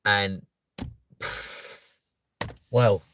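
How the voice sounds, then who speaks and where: A man hosting his channel's live stream, emotional and close to tears, talking to viewers in a halting way with heavy sighs. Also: lowish voice, fairly even intonation, fairly bright tone, slight background noise. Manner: sighing, halting, overwhelmed. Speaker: channel host.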